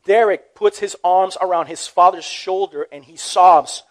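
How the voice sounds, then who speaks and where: A man's voice: high-pitched, unhurried. A man preaching a sermon as a pastor, telling a story in an earnest, emphatic way.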